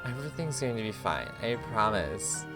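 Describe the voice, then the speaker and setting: A man voicing a young woman rock singer who has taken drugs, speaking weakly, slowly and with slurred words. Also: lowish voice, sing-song, over music. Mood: weak, slurring. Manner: slow, weak, slurred speech.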